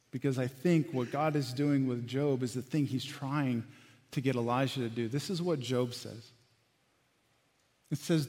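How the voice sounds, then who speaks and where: A man preaching a sermon as pastor, animated, acting out quotes and dropping to quiet lines. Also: a little high, long reverb tail.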